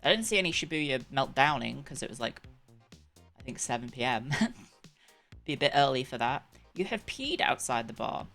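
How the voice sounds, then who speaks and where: A woman's voice: a bass voice, animated, moderate pace, a bit bright, faint music behind. A young woman chatting casually on a live stream, rambling and correcting herself as she goes.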